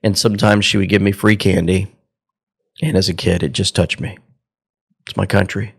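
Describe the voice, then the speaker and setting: Earnest low-voiced man hosting a show. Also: steady tone, normal speed, creaky, breathy edge. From Georgia, US. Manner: earnest, emotional, addresses listeners as folks. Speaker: host. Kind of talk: commentary and prayer.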